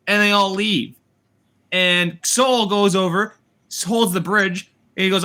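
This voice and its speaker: A man hosting a casual review chat, retelling scenes in an animated, sarcastic way with swearing. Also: high-pitched, a little slow. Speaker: host reviewing a TV series.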